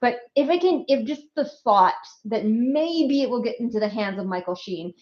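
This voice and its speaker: A woman hosting a casual livestream as an author, chatty and quick to laugh, full of little asides. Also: a little high, animated. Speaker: author hosting a book release stream. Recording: slightly muffled stream audio.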